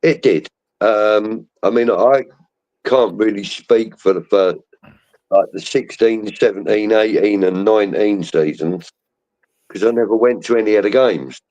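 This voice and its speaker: A man's voice: lowish voice, unhurried, darkish tone. A man co-hosting a casual chat over a video call, telling rambling football anecdotes and acting out the voices of others. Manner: rambling storyteller, acts out quoted voices. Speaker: podcast co-host. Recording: dull lo-fi stream audio.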